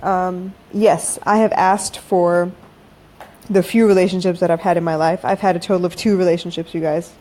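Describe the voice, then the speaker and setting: A woman's voice: on the low side, fairly even intonation, normal speed, a little mellow. A woman in her thirties hosting a late-night podcast, chatting frankly with listeners and calling them y'all. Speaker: podcast host. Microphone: phone-recorded live audio.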